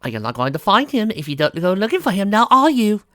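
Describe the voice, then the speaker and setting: Woman voicing a dramatic genteel unicorn lady, lively bright voice, storybook reading. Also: medium pitch, brisk, no echo, clean studio sound, voice pushed up. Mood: coaxing. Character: refined fashionable adult mare unicorn, dramatic.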